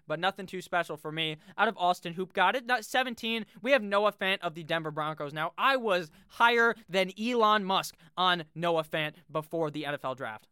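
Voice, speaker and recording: A young man with a high, bright voice runs through fantasy football rankings in a brash, joking, foul-mouthed way. His tone is smooth and clear, recorded close and dry with no room sound. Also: lively intonation, brisk, few pauses, no echo. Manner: brash, joking, swears freely. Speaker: fantasy football video host.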